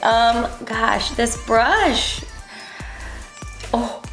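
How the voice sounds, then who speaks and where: A woman's voice: a little high, a bit bright. Chatty woman in an echoey room. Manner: chatty, rambling, lots of ums. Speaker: beauty vlogger. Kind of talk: casual makeup tutorial. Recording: echoey room, faint music.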